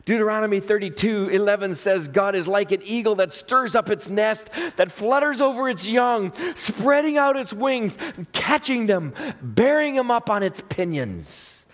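A man's voice: high-pitched, expressive, moderate pace, a bit bright. An older man, a chaplain, preaching a sermon through a folksy personal story with acted-out dialogue.

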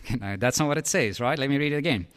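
A man preaching a sermon in a lively, conversational way, with asides to his listeners. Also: medium pitch, rapid-fire, clean tone.

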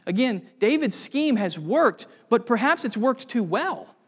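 A man's voice: very high voice, sing-song, unhurried, husky, long reverb tail. A man preaching an expository sermon, emphatic and posing rhetorical questions to the congregation.

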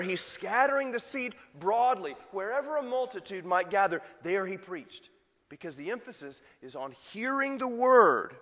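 A man's voice: sits high, a bit bright, in a large hall. A man preaching a sermon and putting rhetorical questions to his congregation. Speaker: pastor.

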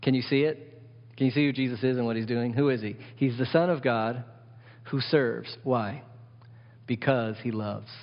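A man's voice: mid-range voice, moderate pace. A man preaching a sermon as pastor, emphatic, often asking the congregation questions. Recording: dull sound with long hall reverb.

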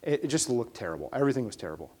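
A man's voice: mid-range voice, very animated, racing, a little mellow. A man preaching a sermon in a casual storytelling way, with emphatic bursts on key points. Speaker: pastor. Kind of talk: conversational sermon.

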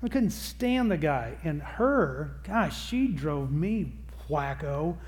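Extremely slow yet very animated, a middle-aged man with a high voice gives a parenting talk to a live crowd in a church or seminar hall. He pokes fun at himself in a chatty style and acts out the quotes.

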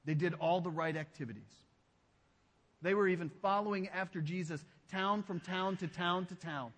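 A man preaching a sermon as pastor. He speaks emphatically and drops to a hushed low voice on key phrases. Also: normal speed, in a large hall. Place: church sanctuary.

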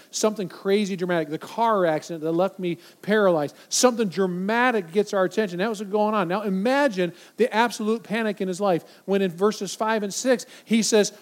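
High-voiced emphatic male preacher. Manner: emphatic, repeats phrases for weight; acts out quoted voices, from loud to near silent. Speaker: pastor. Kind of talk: sermon.

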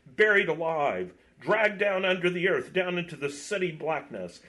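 Desperate spellbound knight as a man reads him, pleading, high and lively, anguished cries. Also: normal speed. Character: tormented enchanted knight, young man, desperate.

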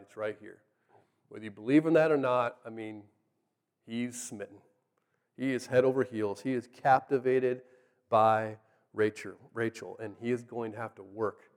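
A man's voice: mid-range voice, big-room sound. A man preaching a sermon, retelling the story casually and animatedly, acting out the characters' lines. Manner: animated, acts out the characters' lines in lively voices.

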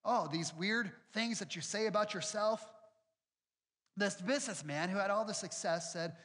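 A man's voice: high voice, normal speed, a bit bright, breathy edge. A male pastor preaching a sermon in a conversational, storytelling way with self-deprecating humor. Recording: long reverb with faint music behind.

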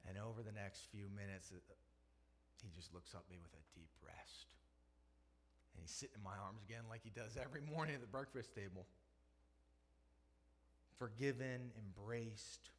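A middle-aged man, a pastor, preaching a sermon, moving from hushed storytelling to loud, impassioned preaching. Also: on the low side, moderate pace, long pauses.

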